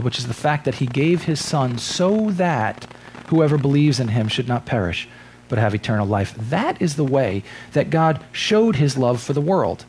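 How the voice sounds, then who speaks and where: A man's voice: mid-range voice, darkish tone, slight background noise, rough recording. A man preaching a Sunday sermon as pastor, emphatic and stretching key words for weight. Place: church sanctuary.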